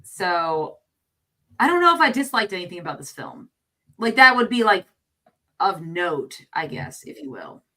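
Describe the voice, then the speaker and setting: A woman co-hosting a relaxed film talk show. She rambles and thinks out loud, restarting her sentences as she works through her ideas. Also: fairly low pitch, normal speed. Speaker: co-host. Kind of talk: casual film discussion.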